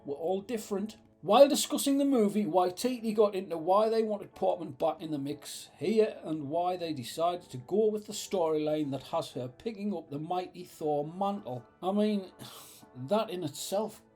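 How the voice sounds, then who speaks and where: A man's voice: high voice, darkish tone. A man ranting as a vlogger, sarcastic, exasperated and swearing freely. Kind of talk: ranting commentary.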